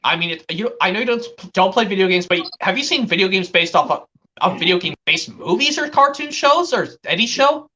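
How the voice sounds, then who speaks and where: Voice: mid-range voice, animated, fairly quick, sharp tone. A stream host talking casually and rambling, with frequent restarts. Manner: chatty, rambling, restarts often. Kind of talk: casual chat on a live stream.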